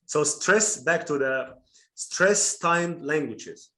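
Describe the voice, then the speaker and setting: A man's voice: fairly high pitch, lively intonation, slow, sharp tone. A man teaching an online class over a video call, explaining patiently step by step and repeating key terms.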